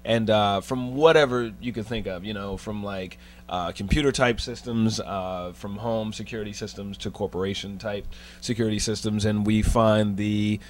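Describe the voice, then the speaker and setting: A man's voice: lowish voice, fairly even intonation, moderate pace. A man guesting on a casual podcast, easygoing and laughing, with lots of fillers. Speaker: guest actor.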